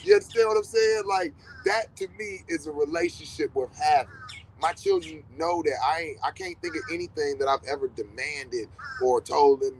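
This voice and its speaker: A man's voice: a little high, moderate pace, slight background noise, poor audio. A middle-aged man hosting a podcast, talking casually in a blunt, profane way and hammering points with repetition. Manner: animated storytelling with quoted dialogue. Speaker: podcast host. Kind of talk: casual monologue.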